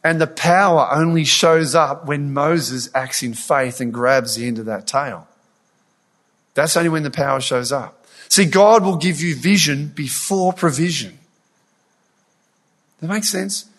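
A man's voice: fairly high pitch, measured pace. Earnest man preaching a sermon. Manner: earnest, animated storytelling, frequent restarts.

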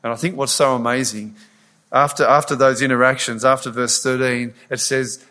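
A man preaching a sermon, retelling a scripture story in an earnest, animated way with frequent restarts. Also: mid-range voice, normal speed.

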